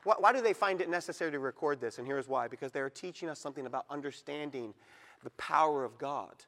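A middle-aged male pastor preaching a sermon in a church, emphatic and rising to loud peaks as he reads scripture. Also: fairly high pitch, fast, in a large hall. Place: church sanctuary.

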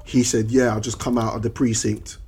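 A man hosting a podcast in casual chat, telling stories in slangy, animated talk. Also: fairly low pitch, a little fast, slight background noise. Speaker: podcast host.

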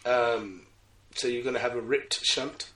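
A man's voice: medium pitch, fairly even intonation, measured pace, fairly bright tone, recorded from a distance. A young man hosting a podcast, joking around in loose slang and laughing often. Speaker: podcast host. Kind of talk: casual podcast banter. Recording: roomy, off-mic sound.

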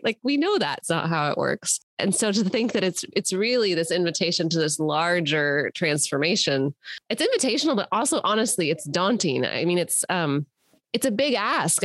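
Thoughtful woman with a lowish voice. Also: fairly bright tone, no echo, clean studio sound. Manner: thoughtful, heavy use of "like" and "right?". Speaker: podcast guest. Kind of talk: conversational discussion.

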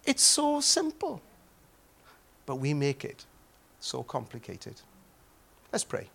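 High-voiced Welsh pastor preaching. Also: male voice, huge pitch swings, slow pace, creaky, husky. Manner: humorous storytelling, swinging from loud exclaiming to soft prayer. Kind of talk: sermon.

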